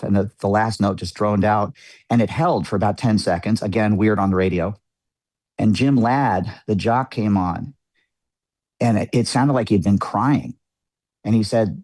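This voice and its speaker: With a lowish, slightly mellow voice and an unhurried delivery, a middle-aged man who is a musician shares a personal story as a podcast guest. The candid interview talk is earnest, reflective and chatty, sprinkled with fillers, and there's no room sound.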